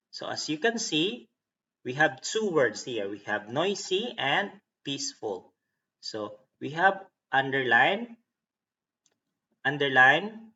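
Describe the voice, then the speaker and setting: A male English teacher speaks slowly in a lively, fairly high voice during a recorded online lesson. He's patient, repeats words to model stress, and ends lines with "okay?" and "no?" The sound is dull and lo-fi, picked up from away from the mic.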